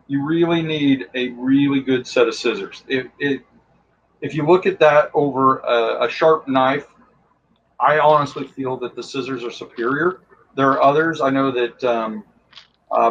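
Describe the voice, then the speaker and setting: A man's voice: medium pitch, fairly bright tone, muffled recording, a little hiss or hum. Chatty man explaining costume craft. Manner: enthusiastic, rambling, many fillers. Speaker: costume and prop maker guest. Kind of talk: casual how-to talk.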